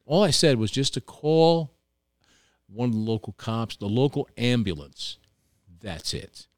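A man's voice: mid-range voice, a little slow, no echo, clean studio sound. A man who owns a restaurant, telling stories in casual chat, acting out what people said and swearing freely. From New York. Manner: animated, profane storyteller acting out quotes. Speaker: restaurant owner, guest. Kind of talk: casual storytelling.

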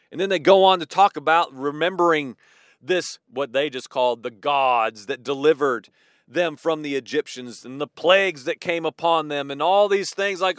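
Male pastor, middle-aged, high and expressive voice, dry close sound, chatty animated sermon. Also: measured pace, smooth, dry recording. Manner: animated, conversational preaching with asides and acted-out quotes.

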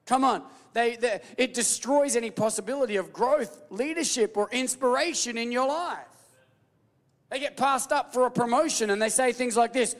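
A man with a very high voice delivers an animated, playful sermon, calling out to his congregation for replies. His words ring out with the long reverb of a large hall. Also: normal speed. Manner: animated, playful preaching with call-and-response and mock voices. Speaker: pastor.

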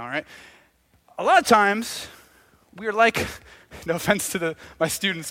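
A young man preaching a sermon in an animated, joking storytelling style with lots of asides. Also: fairly high pitch.

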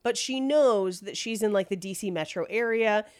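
A woman hosting a podcast tells a true-crime story in a loose, chatty way, laughing as she goes. Her voice sits at a middle pitch and is recorded close and dry, with no room sound. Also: moderate pace, clear, resonant tone, no room sound. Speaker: podcast host.

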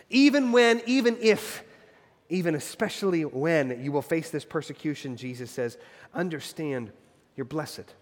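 A man preaching a sermon as pastor, earnest and emphatic, repeating phrases for weight and dropping into casual asides with fillers. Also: a little high. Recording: long hall reverb.

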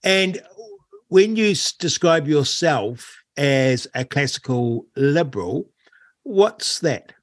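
Slow-talking male interviewer, dry sound. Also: fairly high pitch, expressive, no room sound. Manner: slow, deliberate questions. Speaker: radio host.

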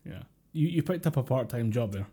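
A man's voice: medium pitch, animated, brisk, warm tone, slightly rough. A Scottish man co-hosting a podcast in casual chat, rambling with fillers, over a voice call. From Scotland. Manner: rambling, with many fillers and chuckles. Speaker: podcast co-host. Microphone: computer mic over a voice call.

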